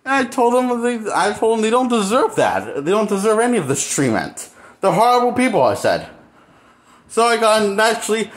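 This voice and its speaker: A man talking alone to camera in an unscripted monologue, halting and bitter, trailing off into pauses and then bursting out. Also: high-pitched. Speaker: vlogger.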